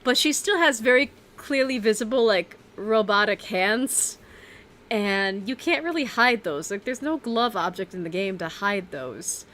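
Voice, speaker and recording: A woman's voice: mid-range voice, animated, unhurried, fairly bright tone, a little hiss or hum. Chatty rambling woman streamer. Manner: rambling, chatty, many fillers and self-corrections; laughs often. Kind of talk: casual livestream chat.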